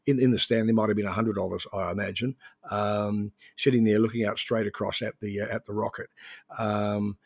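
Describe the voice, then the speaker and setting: Older male guest, gravelly and husky, anecdotal interview talk. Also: on the low side, level tone, a little fast, no room sound, clean studio sound. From New Zealand. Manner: anecdotal, rambling with restarts. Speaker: interview guest, former journalist. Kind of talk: conversational interview.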